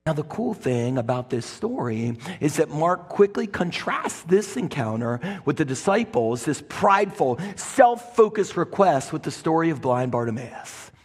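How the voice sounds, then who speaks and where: A man's voice: fairly high pitch, slightly rough. A man preaching a sermon as a pastor, dramatic, crying out quoted lines at full voice. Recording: long hall reverb.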